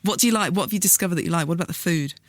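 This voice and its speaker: A British woman hosting a radio show rattles off quick, chatty questions with a teasing edge. She is recorded close on a dry studio mic with no room echo. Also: on the low side. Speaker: radio host. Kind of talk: radio interview.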